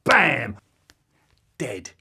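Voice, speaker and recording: A man telling a comic family story, acting out the children's shouts in an animated way. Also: medium pitch, extremely slow, heavy background noise.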